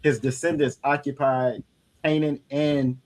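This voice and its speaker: A man in a class reads a definition aloud from a reference book. He is measured and explanatory, pausing on fillers as he goes. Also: mid-range voice, flat delivery, darkish tone, slight background noise. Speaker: class member reading a reference.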